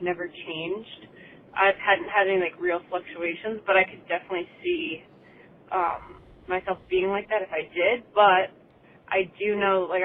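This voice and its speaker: A woman from New Jersey leaves a rambling voicemail from her car. It comes through a thin, phone-like line with a soft hum of road noise behind her. She chats loosely and fills her sentences with "like" and "um". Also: mid-range voice. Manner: chatty, filler-heavy, rambling. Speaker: caller leaving a voicemail. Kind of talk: casual phone message. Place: in a car while driving.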